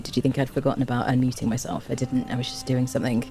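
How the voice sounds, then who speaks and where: A woman's voice: a bass voice, brisk, hardly any pauses, warm tone, soft background music. A woman chatting on a live stream from home into a desk microphone, bubbly and overexcited, rambling eagerly to her viewers. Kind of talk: casual live stream chat.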